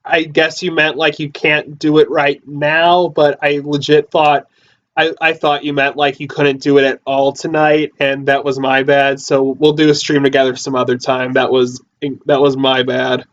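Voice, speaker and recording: Rambling excitable man on lo-fi audio. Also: fairly high pitch, normal speed. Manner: rambling, repeats himself with many fillers. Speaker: livestream host. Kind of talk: casual livestream chat. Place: house basement. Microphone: phone or computer mic. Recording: dull lo-fi phone audio.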